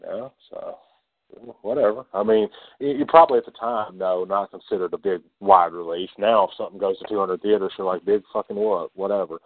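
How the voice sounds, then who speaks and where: A man's voice: sits low, brisk, dry recording. A man co-hosting a podcast, chatting casually and profanely about horror films and laughing readily. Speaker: podcast co-host. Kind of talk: casual movie discussion. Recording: tinny phone-like sound, dry.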